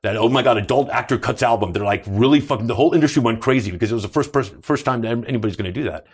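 A man in his fifties, a podcast guest, telling animated stories and swearing often. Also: medium pitch, racing, slightly rough. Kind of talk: casual storytelling interview.

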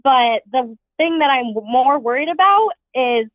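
A twenty-year-old woman from Massachusetts, calling in to a podcast, talking softly with frequent giggles. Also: high-pitched, animated, unhurried, dry recording. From Massachusetts, USA. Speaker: caller. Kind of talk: casual chat. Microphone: phone call. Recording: tinny phone line.

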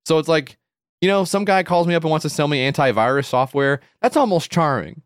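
A man's voice: on the high side, expressive, brisk, clean tone, no echo. Man, comedy podcast co-host; swears freely, rambles through anecdotes, dead-dry studio sound. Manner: profane, rambling, laughs through his story. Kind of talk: casual comedic storytelling.

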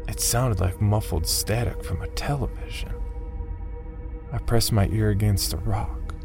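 A man narrating a first-person horror story, turning tense and urgent when his character shouts. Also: lowish voice, unhurried, creaky, over music.

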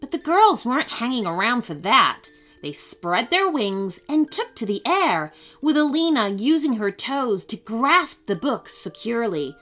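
A woman reads a children's story aloud, unhurried and expressive. Her voice is bright and clear, and it rises and falls with lively animation. Soft music plays faintly underneath. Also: fairly high pitch.

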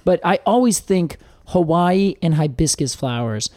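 A man's voice: fairly high pitch, expressive, unhurried, a little mellow, dry recording, studio quality. A man co-hosting a podcast in casual chat, rambling and often searching for words with fillers. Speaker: podcast co-host.

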